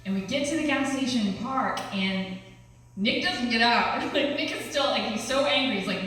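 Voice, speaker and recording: A young woman telling a story live on stage, animated and laughing as she acts out the other people's lines. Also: on the high side, moderate pace. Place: small cultural center hall with a small audience. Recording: echoey hall, distant mic, faint hiss.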